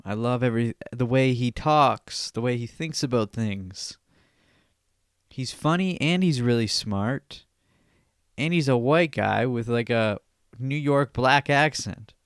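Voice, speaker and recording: A man's voice: mid-range voice, clear, resonant tone, no room sound, studio quality. A young man hosting a podcast alone, ranting casually with lots of swearing and restarts. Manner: profane, rambling, repeats himself. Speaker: podcast host. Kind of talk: solo podcast rant.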